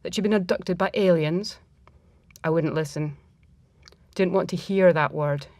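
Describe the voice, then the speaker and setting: Low-voiced woman reading a story. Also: a little mellow, dry recording. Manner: reflective, measured. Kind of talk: first-person story reading.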